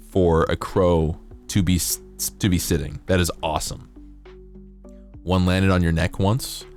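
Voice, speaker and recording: A male streamer chatting casually with his viewers, rambling and playful, sometimes jumping into high silly voices. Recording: faint music behind.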